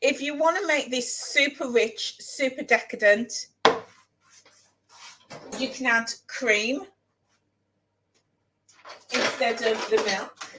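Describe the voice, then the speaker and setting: A woman's voice: fairly high pitch, slow pace, long pauses, background noise. A woman chatting casually in her home kitchen as she cooks, rambling and repeating phrases for emphasis. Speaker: vlogger. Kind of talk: casual chat while cooking.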